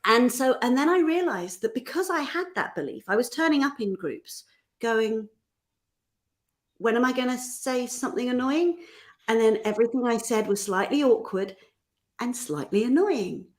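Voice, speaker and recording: A middle-aged woman, chatting on a podcast with a slightly high voice. She talks in an animated way, slipping into little voices for the people she quotes. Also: moderate pace. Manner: animated, acts out voices in quotes, laughs often. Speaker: host and life coach. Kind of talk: casual podcast conversation.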